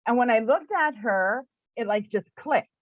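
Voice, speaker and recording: A chatty woman from eastern Canada recounts her own story, filling it with "like" and quick laughs. Her voice comes through a narrow, phone-like band in a dry, close space with no room sound. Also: fairly high pitch, expressive, no room sound. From Canada, New Brunswick area. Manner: chatty, many "like" fillers, laughs often. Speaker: spiritual shop owner and teacher. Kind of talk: personal storytelling.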